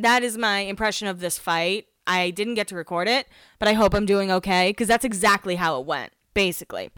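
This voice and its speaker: A young woman hosting a casual recap at home, gossipy and jumping between topics, acting out quotes in a higher voice. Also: a little fast, hardly any pauses, a bit bright, clear, resonant tone, no room sound, clean studio sound. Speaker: podcast host recapping a reality show. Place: home, alone.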